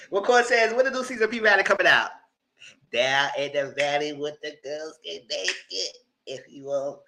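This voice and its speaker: A man giving live commentary on a reality TV show, animated and cussing, mocking the people in it. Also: a little high, moderate pace, low-quality recording. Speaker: reality TV reviewer.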